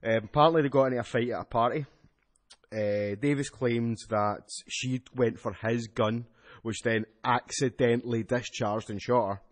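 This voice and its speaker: A man's voice: mid-range voice, fairly even intonation, moderate pace. A Scottish man reading out news bits in casual podcast banter. His delivery is dry and sarcastic. He swears casually as he talks. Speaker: wrestling podcast co-host.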